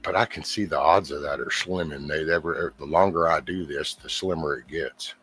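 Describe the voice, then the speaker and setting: Man, low husky voice, bright tense edge, casual profane rant, mimics people. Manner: profane, exasperated, mimics people in quick asides. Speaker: YouTube channel host. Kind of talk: casual rambling monologue.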